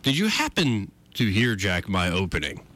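A man hosting talk radio, his lowish voice carrying a bright, forceful edge. He swoops through a wide pitch range as he riffs sarcastically on the news, loose and conversational. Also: wildly swooping pitch, normal speed, no echo. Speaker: radio talk show host. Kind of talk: casual political talk radio.

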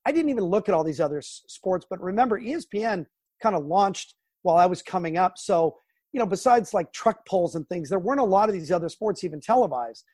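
A middle-aged man from Southern California, a sports broadcaster telling animated stories in an interview. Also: high-pitched, fast talker, slightly rough, no echo. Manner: animated storyteller, acts out quotes and sounds. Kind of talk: storytelling interview.

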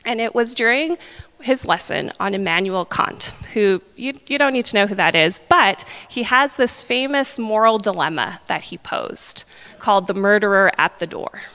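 A woman in her thirties preaching a sermon in a chatty, animated storytelling manner. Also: mid-range voice, moderate pace. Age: 30s. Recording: long hall reverb.

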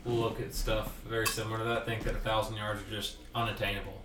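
Flat-voiced man, distant in a roomy space. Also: on the low side, quick pace. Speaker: podcast co-host. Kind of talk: casual podcast chat. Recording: roomy, distant mic with faint hiss.

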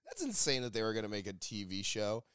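A man's voice: on the low side, huge pitch swings, quick pace, a bit bright, smooth, no echo, clean studio sound. A young man co-hosting a comedy podcast, joking loosely, swearing, and dropping into silly impressions. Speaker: podcast co-host. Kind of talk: casual comedic chat.

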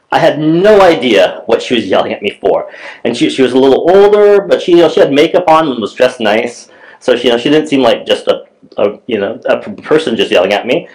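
A man's voice: mid-range voice, low-quality recording. A middle-aged man, a pastor, preaching a sermon in a church in a conversational storytelling way, with many fillers and restarts.

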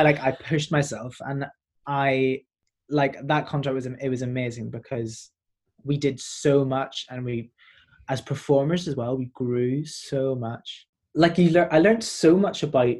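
A man's voice: mid-range voice, unhurried. A young man in his twenties with a Northern Irish accent, telling stories as a performer guest in a casual interview. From Northern Ireland. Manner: animated, rambling storyteller.

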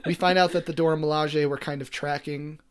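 A man co-hosting a podcast, recapping a TV episode in loose casual chat, rambling with lots of fillers and animated asides. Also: on the high side, fairly quick, clean tone. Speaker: podcast co-host.

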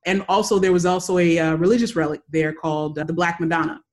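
A woman from the United States telling a travel story in casual chat, animated and acting out the voices of the people in it. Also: fairly low pitch, fast.

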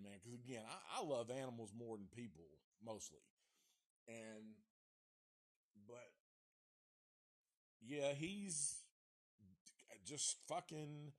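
A man's voice: mid-range voice, slightly rough. A man reviewing a horror movie on a live stream, rambling and swearing casually as he retells the plot. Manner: rambling, profane, laid-back storytelling.

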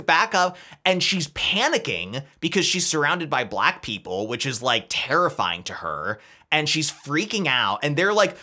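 Bright-voiced man on a podcast. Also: fairly high pitch. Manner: animated, retells scenes with quick quoted voices. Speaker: podcast co-host. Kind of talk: casual chat.

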